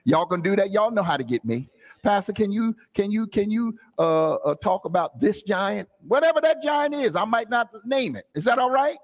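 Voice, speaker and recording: A man preaching a sermon as pastor to his congregation, calling out to them and climbing from talk into shouted, half-sung lines. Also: sits high, expressive, normal speed. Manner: call-and-response, rising to shouts and sung phrases. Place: church sanctuary.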